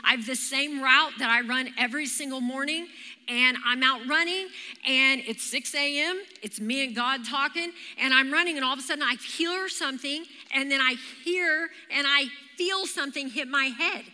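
Woman in her thirties, lively storytelling preacher, piercing high tone, echoing church hall. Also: normal speed. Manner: animated, storytelling with vivid exclamations. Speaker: church speaker. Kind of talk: sermon. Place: church hall during a live service. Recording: reverberant live church hall.

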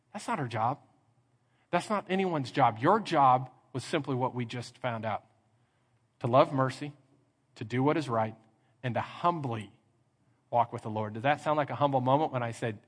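Animated pastor preaching in a hall. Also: male voice, on the high side, moderate pace. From Texas. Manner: animated, acts out little scenes with mock voices. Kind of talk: sermon. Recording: reverberant church hall.

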